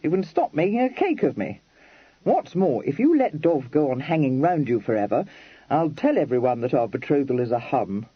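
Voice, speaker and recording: In an audiobook, a man voices a blunt young Regency dandy, clipping slangy phrases short with a lively, up-and-down delivery. His husky voice sits on the high side at a normal speed, captured in a dry, dull recording with no echo.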